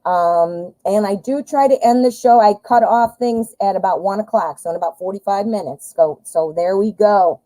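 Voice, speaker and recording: Chatty woman reading tarot live, warm voice. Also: mid-range voice, normal speed, hardly any pauses, dry recording, low-quality recording. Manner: chatty and excitable, blurts out exclamations and swears. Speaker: tarot reader hosting a live stream.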